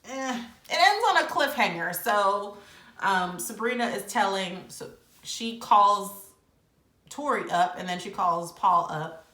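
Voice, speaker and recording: A woman giving a casual, opinionated recap of a reality show episode, chatty and animated, with plenty of fillers. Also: medium pitch, slow. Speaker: reality TV reviewer. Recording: echoey room.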